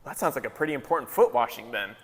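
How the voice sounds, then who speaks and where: A man, a pastor, giving a casual, joking sermon with lively retellings. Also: mid-range voice, very fast, husky, in a large hall. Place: large hall.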